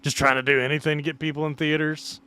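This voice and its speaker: A man co-hosting a laid-back podcast, dropping dry, teasing asides. His voice sits a bit above the usual male pitch and sounds clean and smooth throughout. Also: little pitch movement, quick pace, sharp tone. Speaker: podcast co-host. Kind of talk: casual chat.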